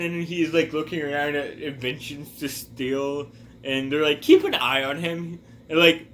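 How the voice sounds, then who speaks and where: A man's voice: fairly high pitch, bright, forceful tone, slight background noise. A man talking casually in a rambling review, wandering off on tangents. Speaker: video reviewer.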